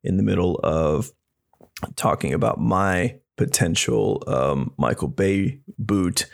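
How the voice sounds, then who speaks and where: A man co-hosting a podcast in casual chat, animated and rambling, laughing often. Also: low-pitched, slow pace, gravelly. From not from here, moved and drove rideshare. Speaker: podcast co-host.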